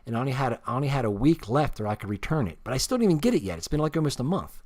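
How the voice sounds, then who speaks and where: A man's voice: medium pitch, very animated, racing, a little mellow. A man telling a rambling, self-deprecating story full of swearing while he shows a custom figure he painted. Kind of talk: casual storytelling while showing his work.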